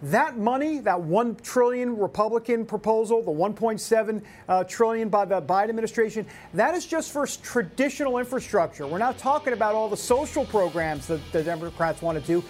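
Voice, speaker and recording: A man's voice: sits high, fairly quick, hardly any pauses, faint music behind. A man hosting a talk show, giving casual political commentary in a rambling way. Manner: rambling, with many restarts and fillers.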